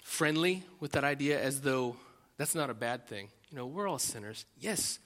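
A man, a pastor, preaching a sermon, swinging from loud emphatic lines to quiet, intimate asides. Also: mid-range voice, lively intonation, moderate pace. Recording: long reverb of a large hall.

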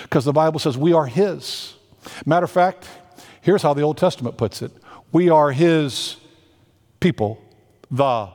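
A senior pastor preaches a sermon with earnest emphasis, stretching out the words he wants to stress. His medium-pitched voice has a darkish tone, and the recording carries a long hall reverb.

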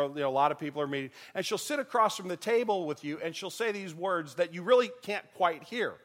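Male pastor, slightly higher voice, easygoing sermon delivery that turns emphatic. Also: fairly bright tone. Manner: conversational preaching with anecdotes, rising to emphatic passages.

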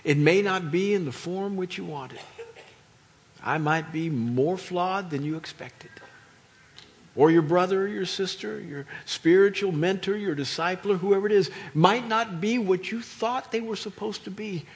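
A man preaching a sermon to a congregation, moving between quiet explanation and loud, emphatic delivery. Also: high-pitched, measured pace. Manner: dynamic, swings from quiet to loud, acts out crowd voices.

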